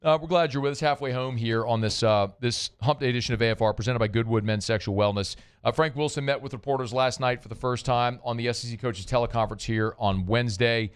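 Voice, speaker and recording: A man's voice: medium pitch, quick pace, hardly any pauses, clean tone. A man hosting sports talk radio, speaking conversationally and giving his opinions with plenty of fillers and restarts.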